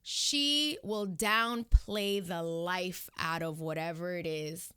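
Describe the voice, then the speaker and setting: Taking it slowly, a young woman with a Hispanic Caribbean accent speaks in a fairly low, fairly bright, clean voice. She's a chatty vlogger rambling casually to her viewers with plenty of tangents, in a studio-quality recording with no room sound.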